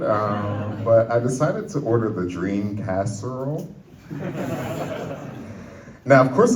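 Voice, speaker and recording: A man performing a pun-filled stand-up routine on a comedy club stage, telling a story and putting on quick voices for his family. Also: medium pitch. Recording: roomy club recording from far off, loud crowd.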